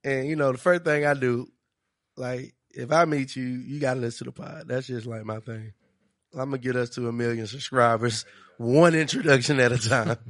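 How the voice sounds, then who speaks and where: A man's voice: medium pitch, steady tone, moderate pace, a bit bright, no echo, clean studio sound. A man hosting a podcast in casual chat, slangy, laid-back and laughing often. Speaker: podcast host.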